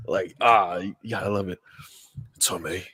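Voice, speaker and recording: A man hosting a podcast, excitable and swearing in casual chat. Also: low voice, unhurried, husky, dry recording, studio quality. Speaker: podcast host.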